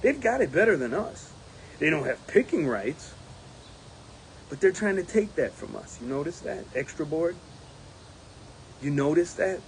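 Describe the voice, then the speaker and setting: A man who is a union steward, giving a casual spoken report, animated and laughing often, mimicking others in a raised voice. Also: a little high, unhurried, pauses often, a little hiss or hum.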